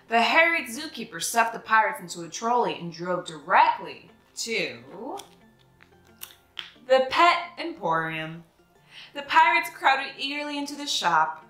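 Woman reading kids book aloud, slow n lively, fairly high voice, echoey room. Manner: expressive, animated reading. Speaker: children's book reader. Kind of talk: read-aloud storytelling. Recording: echoey room, soft music behind.

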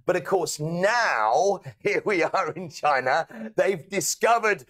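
A man's voice: high voice, animated, slow, fairly bright tone. A British man hosting a casual chat, telling stories animatedly, swearing and laughing as he goes. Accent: British English. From England.

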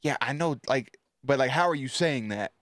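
A man's voice: medium pitch, expressive, normal speed, fairly bright tone, no echo, studio quality. A man streaming live, chatting loosely and swearing as he tells a story to his viewers, with many restarts.

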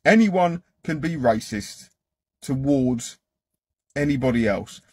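A man's voice: medium pitch, animated, takes it slowly, a little mellow, breathy edge, dry recording. A man delivering a confrontational, lecturing monologue to camera.

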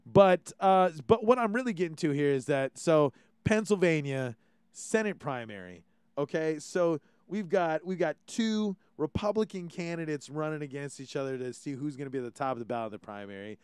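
A man's voice: on the high side, animated, moderate pace, a little mellow, smooth, no room sound. A young man with a Hawaiian accent hosting a casual podcast, rambling and ranting with plenty of swearing. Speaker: podcast host. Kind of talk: casual monologue.

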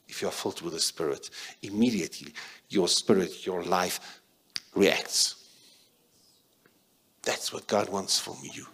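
Low-voiced South African pastor preaching. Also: male voice, lively intonation, normal speed, vocal fry, slightly rough. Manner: emphatic preaching, sudden loud and soft shifts. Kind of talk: sermon.

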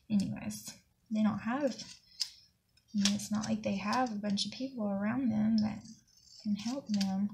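A planner vlogger with a Southern accent, her mid-range voice gravelly, spins a long, indignant anecdote for her chatty vlog. She's slightly breathless, and the background is noisy.

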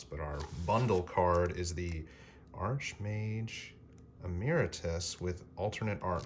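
A man with a lowish voice rambles casually as he opens a box of cards, often stopping to correct himself or fill a pause. The recording is noisy, with crinkling wrappers and clicks behind him. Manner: rambling, self-correcting, filler-heavy. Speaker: card-opening vlogger. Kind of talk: casual unboxing vlog. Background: crinkling packaging and clicks.

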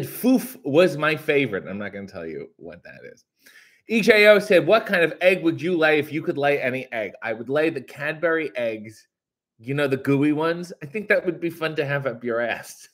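A man hosting a casual live stream, reading viewer comments aloud in a brighter voice and answering with crude, sarcastic, mock-grumpy asides. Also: a little high. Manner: reads comments in a brighter, louder voice.

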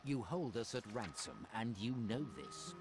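A man's voice: mid-range voice, sing-song, measured pace. A man voicing a stern foreign envoy in a medieval war game, speaking formally and curtly. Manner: formal, curt diplomatic speech. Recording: dull lo-fi game audio with faint music.

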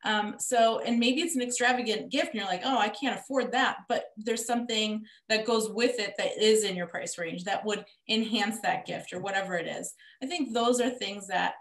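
A woman hosting a podcast, chatting casually with lots of fillers and getting animated. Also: medium pitch, moderate pace, hardly any pauses. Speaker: podcast host. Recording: echoey room.

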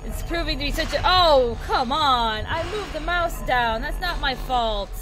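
A young woman hosting a let's play of a horror game, chattering excitedly and shrieking at scares. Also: sits high, measured pace. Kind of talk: excitable gameplay commentary. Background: game music.

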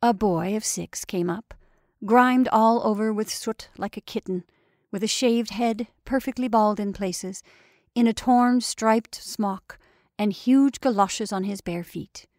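A woman storyteller reading a classic tale aloud in a measured, expressive way. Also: mid-range voice, no echo, studio quality. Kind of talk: scripted narration of a classic story.

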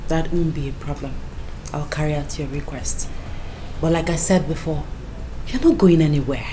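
A woman's voice: low-pitched, moderate pace, over music, close to an everyday voice. A young woman with a Nigerian accent, playing a devoted daughter who speaks in a soothing, affectionate way in a film drama. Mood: tender. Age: young adult. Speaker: bride-to-be daughter.

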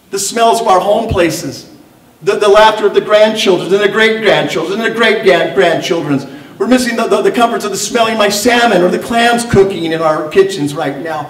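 An older man, a tribal elder speaking on a panel, giving an earnest, pleading speech to an audience and stumbling over repeated words. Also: high voice. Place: event hall after a screening. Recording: roomy hall, voice from off the mic.

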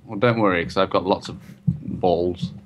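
A man's voice: low-pitched, fairly even intonation, moderate pace. A man chatting while gaming with a friend, teasing him with dry jokes. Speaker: gaming partner. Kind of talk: casual let's-play chat. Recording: faint background noise.

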